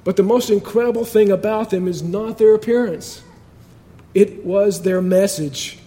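A man's voice: high voice, normal speed, mellow. A man preaching a sermon in a conversational but emphatic way, building points through repetition.

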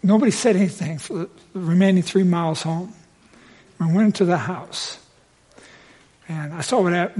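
A middle-aged pastor preaches a sermon in church, telling a family story and growing loud at its climaxes. His voice is high-pitched and slightly rough.

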